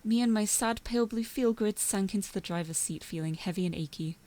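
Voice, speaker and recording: A woman's voice: mid-range voice, fairly quick, mellow, close to an everyday voice. Woman narrating as a weary young driver. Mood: uneasy. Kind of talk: first-person game narration read aloud.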